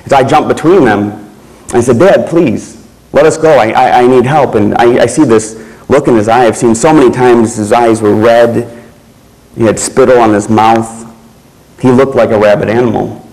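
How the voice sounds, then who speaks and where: A man giving a keynote speech, telling a personal story in a slow, measured way with pauses. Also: mid-range voice, steady tone, a little mellow, low-quality recording. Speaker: keynote speaker.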